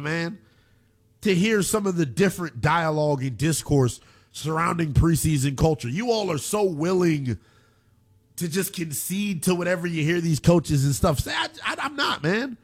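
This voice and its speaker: A man hosting a sports talk radio show, ranting in a brash, mocking, hyperbolic way and taking listener comments. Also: a little high.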